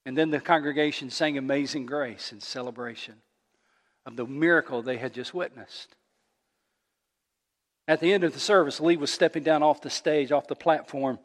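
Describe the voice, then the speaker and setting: Preacher in a reverberant sanctuary, man. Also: normal speed. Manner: storytelling preacher, climbing louder and higher at emotional peaks. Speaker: pastor. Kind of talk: sermon.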